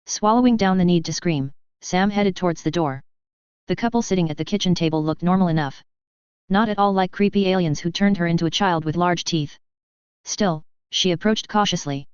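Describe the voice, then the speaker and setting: A woman narrating a story aloud in a wry, deadpan manner. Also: lowish voice, clear, resonant tone, no echo. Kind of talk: audiobook narration of fan fiction. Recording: dry, slightly dull recording.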